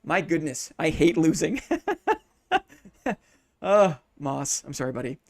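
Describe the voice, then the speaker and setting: A man's voice: fairly high pitch, takes it slowly, creaky, dry recording, clean studio sound. A man streaming a game live, chatting casually with viewers in a playful, mock-formal, upbeat way.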